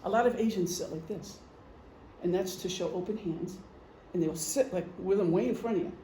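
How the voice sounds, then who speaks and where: High-voiced man presenting in an echoey room. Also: a little fast, dark tone. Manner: conversational, explains with examples, frequent ums. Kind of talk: informal presentation to a group. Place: meeting room. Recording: echoey room, faint hum.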